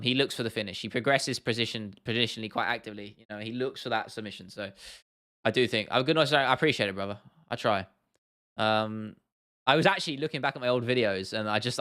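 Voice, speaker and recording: A man's voice: mid-range voice, bright, forceful tone, clear, resonant tone. A young man with a southern English accent, hosting a casual livestream, chatty and laughing often as he answers viewer comments. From southern England. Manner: chatty, laughs often, repeats himself, addresses chat as bro and lad. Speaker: MMA livestream host.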